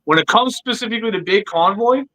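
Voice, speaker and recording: A man hosting a livestream podcast in casual chat, animated and joking, calling his guests by nicknames. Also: sits high, quick pace, rough recording. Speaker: podcast host.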